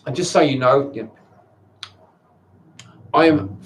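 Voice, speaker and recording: A man in a personal video monologue, tired and upset, talking in halting bursts with repeated words and frequent swearing. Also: medium pitch. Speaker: vlogger. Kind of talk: emotional personal monologue to camera.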